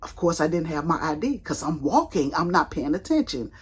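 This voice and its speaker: Husky-voiced older woman telling a story. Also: low-pitched, brisk. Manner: animated, acts out the people in her story; colloquial, rambling with restarts. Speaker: vlogger. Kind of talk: casual storytelling vlog.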